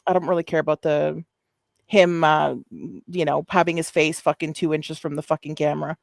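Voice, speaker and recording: A woman's voice: deep voice, level tone, a little fast, creaky, no echo. A woman hosting a live stream, chatting casually in a rambling, profane way with lots of fillers. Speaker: stream host. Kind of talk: casual commentary chat.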